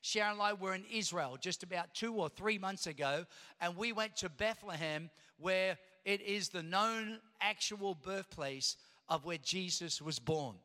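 Middle-aged male pastor, high bright voice, story-driven sermon that builds to loud preaching, long hall reverb. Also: measured pace.

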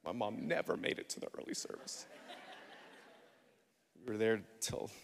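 A man's voice: lowish voice, moderate pace, vocal fry. A man preaching a sermon, telling a funny story and calling out to his congregation to respond. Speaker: pastor. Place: church sanctuary. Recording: reverberant church hall.

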